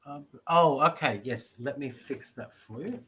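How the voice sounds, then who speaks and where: A man's voice: medium pitch, measured pace, background noise. A man working as a tutor in an online English lesson, patiently correcting a student's pronunciation. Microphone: video call.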